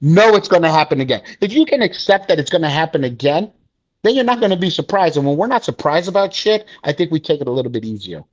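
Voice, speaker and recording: A man speaking as a guest in a candid podcast talk, blunt and profane, telling stories with lively energy. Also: fairly high pitch, quick pace, dull audio. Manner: blunt and profane, animated storytelling. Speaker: interview guest, peer mentor.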